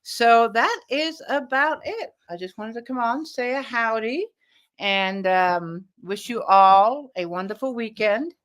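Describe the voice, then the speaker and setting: A woman author talks loosely with viewers on a live stream and keeps turning aside to speak to her dog. Her talk is relaxed and full of "um" and "so yeah". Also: on the high side, slow. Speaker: author hosting a live chat. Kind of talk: casual live-stream chat.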